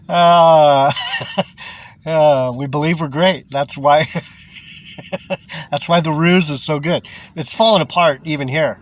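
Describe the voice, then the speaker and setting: A man's voice: a little high, huge pitch swings, very slow, long pauses, fairly bright tone, slight background noise. A man giving rambling religious commentary, chuckling often, repeating himself and swearing.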